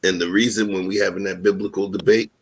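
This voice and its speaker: A man hosting a live online discussion, calmly urging a guest to argue with substance over insults, repeating his points earnestly. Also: low voice, quick pace, breathy edge. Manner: earnest, coaxing, repeats himself. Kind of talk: livestream debate moderation.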